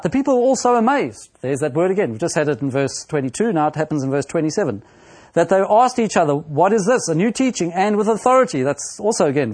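Man, preacher, slightly high-pitched, slow and deliberate, expository sermon, fillers and pauses. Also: a little mellow.

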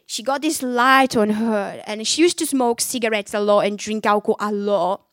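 A woman's voice: medium pitch, normal speed, no room sound, studio quality. A woman from Brazil with a Brazilian accent, her first language Portuguese, giving an earnest, candid personal faith testimony. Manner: earnest, candid storytelling with lively acted-out quotes.

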